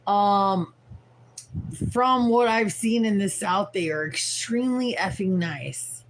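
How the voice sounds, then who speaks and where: Tired, rambling woman from the Midwest, slow. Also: mid-range voice, slight background noise, poor audio. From Midwest US, St. Louis. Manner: rambling, frank, swears casually, many fillers. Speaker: vlogger livestreaming. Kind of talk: rambling casual livestream chat.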